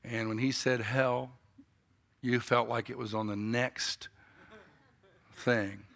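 A man in his fifties preaches a sermon slowly in a medium-pitched, creaky voice. He tells a story that shifts from quiet reflection to loud, animated storytelling.

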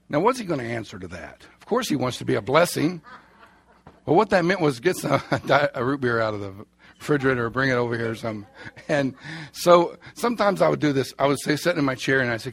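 A man's voice: medium pitch, animated, fairly quick, fairly bright tone, dry recording. A middle-aged man preaching a sermon, folksy and anecdotal, chuckling through his stories. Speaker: pastor.

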